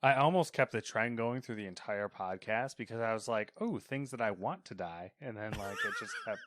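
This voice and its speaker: A man's voice: lowish voice, expressive, normal speed, fairly bright tone, no echo, clean studio sound. A man hosting a weekly gaming podcast, chatting loosely and trailing off mid-thought. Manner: rambling, trails off into mumbles. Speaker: podcast host. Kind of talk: casual chat.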